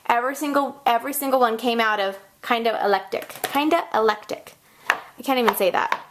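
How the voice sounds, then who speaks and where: A woman in her thirties hosting a casual card-making tutorial, bubbly and chatty, squealing when she gets excited. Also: fairly high pitch, slight background noise. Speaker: crafting tutorial host.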